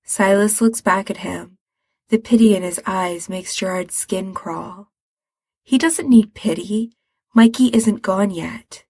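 Slow, measured woman storyteller. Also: medium pitch, a little mellow, husky, dry recording. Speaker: narrator. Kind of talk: reading fan fiction aloud.

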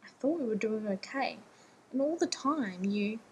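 A woman's voice: on the high side, animated, moderate pace, a little mellow, dull audio, a little hiss or hum, natural voice. A woman doing a weary, blunt man. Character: blunt, tired, exasperated adult man.

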